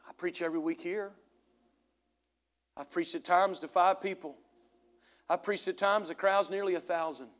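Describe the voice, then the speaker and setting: A middle-aged pastor preaching a sermon, swinging from loud preaching to low, confessional storytelling. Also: male voice, fairly even intonation, moderate pace, pauses often. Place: church sanctuary.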